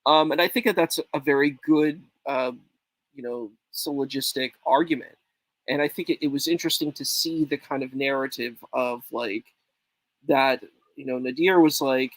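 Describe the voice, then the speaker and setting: A man on a debate panel, chatting casually and rambling, getting animated when he quotes others. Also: mid-range voice, normal speed, dry recording, poor audio.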